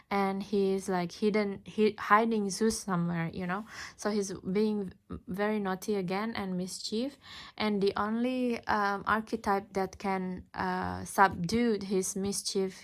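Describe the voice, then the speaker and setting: Slow, even-toned woman musing on tarot. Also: medium pitch. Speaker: tarot reader. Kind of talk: casual tarot deck flip-through.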